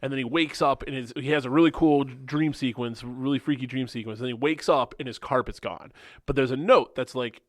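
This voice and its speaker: A man's voice: mid-range voice, brisk, dry recording, studio quality. A man co-hosting a podcast, casually retelling movie scenes in a loose, rambling way full of "like" and restarts. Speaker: podcast co-host. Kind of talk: casual movie review chat.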